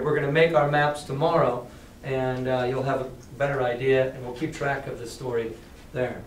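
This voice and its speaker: A man's voice: medium pitch, fairly even intonation, moderate pace, slight background noise. A male teacher reads a novel aloud to his class and casually explains words, quizzing students. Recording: echoey classroom, distant mic.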